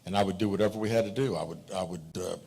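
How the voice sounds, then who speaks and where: A man, a mayoral candidate answering a forum question in a halting way, full of fillers and restarts. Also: low voice, a little mellow, slightly rough.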